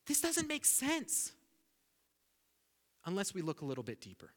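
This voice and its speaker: A man preaching a sermon, animated, putting questions to his listeners. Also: high-pitched, a little slow. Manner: animated, asks the audience questions. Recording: long hall reverb.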